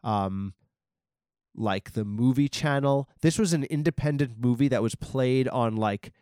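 Casting: male podcast host from Long Island, meandering comic storyteller, mid pitch, crisp and dry. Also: a little slow, darkish tone, no room sound. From Long Island, New York. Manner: meandering, many ums and likes, self-interrupting. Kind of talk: rambling comic storytelling monologue.

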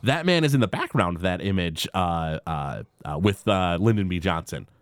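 Casting: male podcast co-host, animated pitch, chatty, hesitant, close dry sound. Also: moderate pace, no room sound. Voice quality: animated, acts out quoted characters in shifting voices. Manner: filler-heavy, frequent "uh" restarts. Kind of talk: casual podcast recap.

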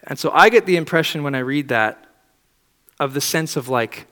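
A man's voice: fairly high pitch, animated, normal speed, fairly bright tone, in a large hall. A man preaching a sermon in a conversational, reflective way, often asking rhetorical questions.

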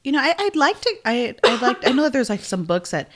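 A woman in her thirties co-hosting a casual podcast chat, animated and laughing often. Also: a little high, fairly quick. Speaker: podcast co-host. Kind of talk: casual chat among sisters.

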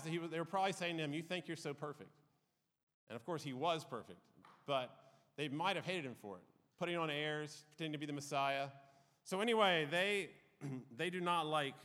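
Man, fairly high bright voice, casual Bible teacher, long hall reverb. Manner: conversational, with frequent ums and uhs.

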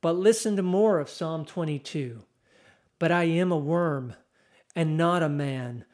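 A man preaching a sermon, reading scripture slowly and dramatically with rising intensity. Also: high voice.

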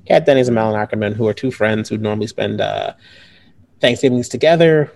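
A man's voice: lowish voice, fairly quick, vocal fry, a little mellow. A man casually reviewing movies as a podcast co-host, rambling and laughing often.

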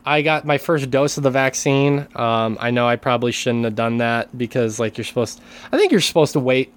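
A man's voice: mid-range voice, brisk, clean tone. A man co-hosting a casual podcast, talking with many restarts and careful hedging. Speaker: podcast co-host and teacher.

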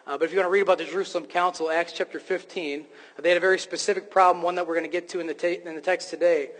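An emphatic man preaching, his voice pitched high and full of restarts and fillers as he presses his point. His voice rings out with the long reverb of a large hall. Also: fairly even intonation, racing, a bit bright. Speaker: pastor. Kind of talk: sermon.

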